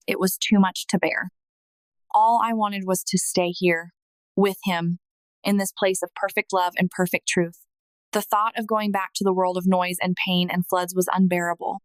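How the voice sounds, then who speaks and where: A woman's voice: lowish voice, little pitch movement, normal speed, dry recording, poor audio. A woman in her thirties telling a first-person spiritual story in an earnest, heartfelt way, as scripted narration. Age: 30s.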